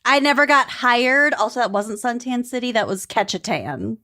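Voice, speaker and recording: A woman's voice: on the high side, lively intonation, normal speed, pushed and bright. A woman co-hosting a casual podcast who trades dry, teasing jabs. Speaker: co-host. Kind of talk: casual chat.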